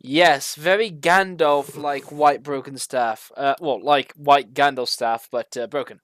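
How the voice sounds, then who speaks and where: Slow, low-voiced woman game master. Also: fairly even intonation, no room sound. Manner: hesitant, many fillers, laughing. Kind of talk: narrating a tabletop game.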